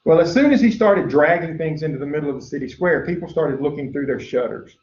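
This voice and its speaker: Fast and lively, with a slightly mellow voice on the high side, a man teaches a recorded biology class from well away from the mic. He chats loosely, uses plenty of "uh"s, and drifts into storytelling with acted voices, all in an echoey room with dull, hissy lo-fi sound.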